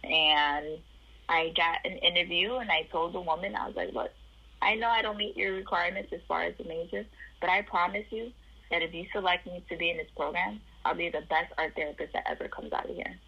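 Low-voiced woman with a husky, bright edge, telling her story in an interview, sounds muffled like a phone line. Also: brisk. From Chicago area. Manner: animated, acts out the voices of people in her story.

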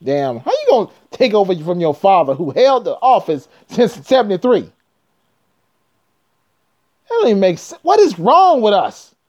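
Male trucking vlogger, high lively voice, reads news with cursing commentary, muffled recording. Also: normal speed, pauses often. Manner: reads news aloud with blunt, profane asides. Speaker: trucking video host. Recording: dull lo-fi sound.

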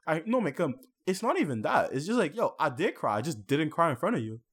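A man's voice: fairly high pitch, sing-song, fast, a bit bright, slightly rough. A young man co-hosting a casual podcast, venting at length in an earnest way and slipping into French now and then. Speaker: podcast co-host.

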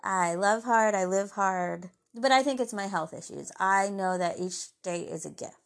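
A woman with a gravelly edge to her voice speaks in an earnest, heartfelt way as a podcast host. She offers faith-based encouragement and often drops into soft, gentle asides. Her pitch sits in an ordinary middle range. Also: moderate pace. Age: adult mother.

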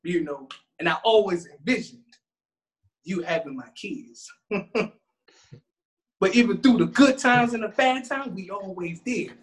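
A man's voice: sits high, expressive, a little slow, pauses often. A man in casual chat, joking around with a slangy, playful delivery and frequent laughs.

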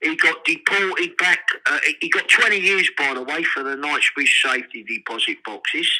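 An older man, telling profane, animated prison stories in an interview. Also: fairly high pitch, normal speed, slight background noise, poor audio. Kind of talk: storytelling.

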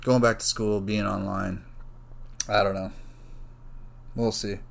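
A man's voice: fairly low pitch, little pitch movement, slow pace, creaky. A man talking casually on his own, rambling, swearing freely and drifting into jokey asides. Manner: rambling, profane, joking asides. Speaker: student. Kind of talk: casual solo monologue.

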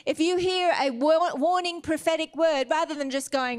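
A woman's voice: high voice, normal speed. A woman preaching a sermon, retelling scripture with earnest, exhorting emphasis.

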